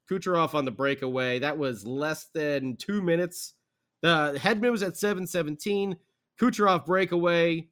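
A man hosting a podcast, recapping a hockey game in a rambling, animated way with lots of fillers and restarts. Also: on the high side, clean tone. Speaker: podcast host.

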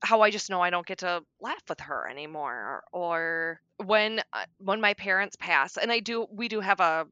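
A middle-aged woman on a podcast, talking candidly about grief, frank and darkly joking, sometimes soft-spoken. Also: lowish voice, lively intonation, normal speed, few pauses, no room sound, dull audio. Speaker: podcast guest.

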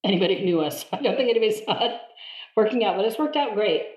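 Woman, lively storyteller, laughs a lot, mimics voices, echoey room. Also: mid-range voice, rapid-fire. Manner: animated, laughs often, mimics others in quotes. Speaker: guest. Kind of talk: casual storytelling in conversation. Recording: roomy echo.

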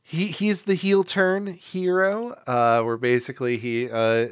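A man's voice: fairly high pitch, monotone, a little slow, clean tone, no echo, clean studio sound. A man co-hosting a casual movie podcast, joking around and acting out characters in mock voices. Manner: jokey, acts out quoted characters in mock voices. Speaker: podcast co-host. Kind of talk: casual movie review chat.

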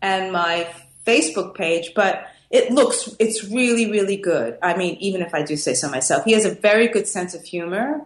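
A woman's voice: mid-range voice, moderate pace, hardly any pauses. A middle-aged woman, an artist, telling stories in a casual interview and acting out other people's lines. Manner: animated, acts out voices in her stories. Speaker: artist guest. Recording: echoey room.

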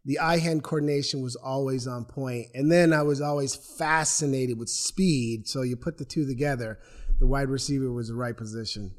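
This Portland, Oregon man, a former athlete, speaks at normal speed in a medium-pitched voice while telling his own stories in an interview. He's animated, acting out the voices of the people in them.

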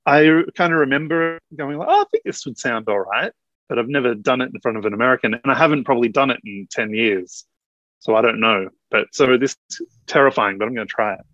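A man's voice: medium pitch, fast talker, fairly bright tone, no room sound, lo-fi sound. A man in his forties from Australia with an Australian accent, chatting casually and self-deprecatingly as a podcast guest. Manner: rambling, self-deprecating, laughs often. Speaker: guest musician.

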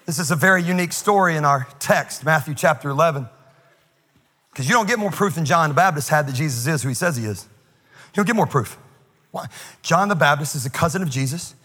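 A man preaching a sermon, telling a comedic story, animated and full of asides. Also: a little high, fairly quick. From North Carolina. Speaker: pastor.

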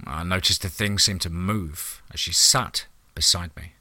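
A man tells a first-person monster-hunting tale in a wry, hard-boiled, profane way. His voice sits low and has a bright, sharp edge. The recording is dry and close. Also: measured pace, no room sound. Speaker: storyteller. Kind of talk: first-person horror story narration.

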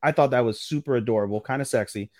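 A man's voice: medium pitch, fast, dry recording. Dry-voiced man recapping anime casually. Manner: animated, profane, acts out lines from the story. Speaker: podcast co-host.

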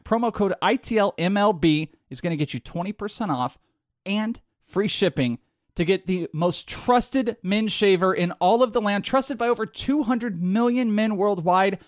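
A man co-hosting a sports podcast, reading an ad and bantering with his co-host in a loud, jokey, excitable way. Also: high-pitched, normal speed, no room sound, studio quality. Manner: loud, excitable, jokey, swings into goofy voices. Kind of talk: energetic podcast banter and ad read.

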